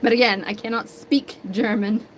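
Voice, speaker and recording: Slight background noise and background music accompany an American woman hosting an art livestream, her voice a little high, fairly even, and at normal speed. She casually and warmly greets viewers by name while reading their comments.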